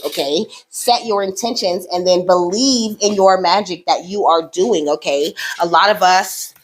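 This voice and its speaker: Talking directly to her audience, a spiritual card reader with a fairly low voice goes through an oracle deck in an easy, conversational way, warm and comforting throughout. Almost every line ends with a questioning "okay?", and a little hiss or hum sits under the recording.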